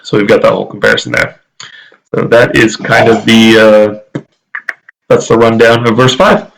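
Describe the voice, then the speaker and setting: A man giving a casual language lesson on a Bible verse, thinking aloud with many fillers and slowing down to read phrases word by word. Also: fairly low pitch, level tone, vocal fry, fairly bright tone, a little hiss or hum, poor audio. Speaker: teacher.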